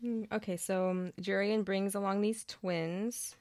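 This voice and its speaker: A woman's voice: medium pitch, steady tone, a little slow, darkish tone, dry recording, studio quality. A young woman co-hosting a podcast, chatting casually as she recaps a book plot with slang and frequent laughter. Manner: bubbly, laughs often, retells plot with slang. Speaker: podcast co-host.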